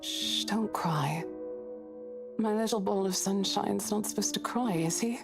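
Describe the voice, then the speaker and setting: An actress with a put-on British accent playing a gentle, ailing young mother in a game, speaking softly and soothingly. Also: medium pitch, a little slow, vocal fry, over music. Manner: soft, soothing, comforting.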